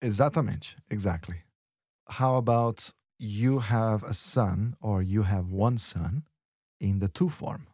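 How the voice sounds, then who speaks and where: A man teaching on a lesson podcast, patiently modelling phrases slowly and encouraging the learner. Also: on the low side, mellow, slightly rough, no echo, clean studio sound. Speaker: Portuguese teacher.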